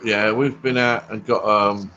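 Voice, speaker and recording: Hesitant low-voiced man. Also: steady tone, unhurried, sharp tone. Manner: hesitant, lots of ums. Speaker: guest on a chat stream. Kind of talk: casual chat. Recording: dull lo-fi online call audio.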